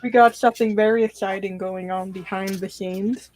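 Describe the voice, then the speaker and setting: A woman's voice: mid-range voice, fairly even intonation, moderate pace, darkish tone. A woman chatting casually on a hobby livestream with a dry, joking manner.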